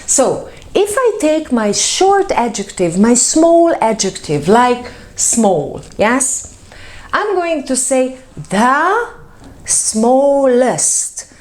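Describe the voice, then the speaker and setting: A woman teaching English grammar as a teacher and coach, speaking slowly and drawing out her example words. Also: high-pitched, very animated. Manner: slow, deliberate, stretches example words.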